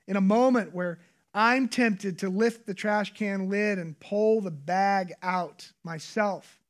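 A man preaching a sermon as pastor, moving between hushed whispered prayer and raised, emphatic preaching. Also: sits high.

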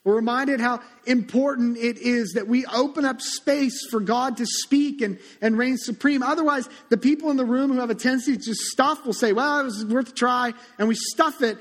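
A middle-aged man preaching a sermon as a pastor, conversational and animated, acting out quotes as he goes. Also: very high-pitched, normal speed, hardly any pauses. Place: church sanctuary. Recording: long hall reverb.

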